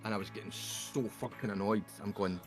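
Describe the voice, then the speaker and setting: A man's voice: on the low side, steady tone, fairly quick, music in the background. A Scottish man streaming a game, telling a rambling, swear-filled story to friends on a voice call. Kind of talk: casual chat on a voice call. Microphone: desktop mic on a voice chat.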